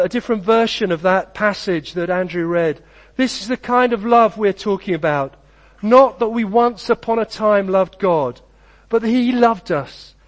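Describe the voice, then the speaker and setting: A man serving as pastor, reading a rhyming children's story and then preaching an earnest sermon built on short repeated phrases. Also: high-pitched.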